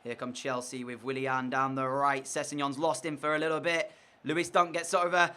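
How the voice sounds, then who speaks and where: A young man giving commentary over a football video game, sliding between frustrated muttering and shouted excitement. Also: mid-range voice, brisk, clean tone. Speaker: gaming YouTuber.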